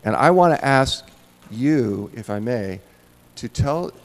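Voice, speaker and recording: A man in his sixties asking a question in an onstage conversation, earnest and searching, with halting phrasing. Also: mid-range voice, lively intonation. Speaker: interviewer. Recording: long hall reverb.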